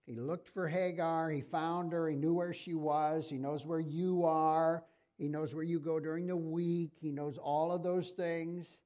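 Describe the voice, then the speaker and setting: A man's voice: a little high, little pitch movement, a little slow, dark tone. A middle-aged man preaching a sermon in a conversational way, asking his congregation questions.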